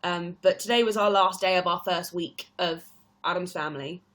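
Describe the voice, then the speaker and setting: A woman's voice: fairly low pitch, normal speed, a bit bright. A young British woman hosting a casual live stream at home, chatting in a rambling way and laughing often. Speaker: livestream host.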